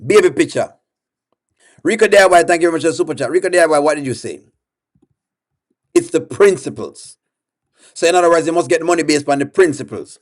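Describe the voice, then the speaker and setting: A man's voice: a little high, fairly quick, pauses often. A man hosting a live-stream reaction show, chatting and putting questions to his viewers while reading their comments aloud.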